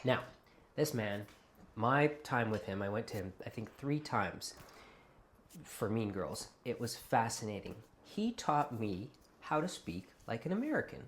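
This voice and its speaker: A man in his late thirties from Canada with a Canadian accent, a host talking casually to camera in an animated, playful way. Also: fairly low pitch, a little slow, slight background noise.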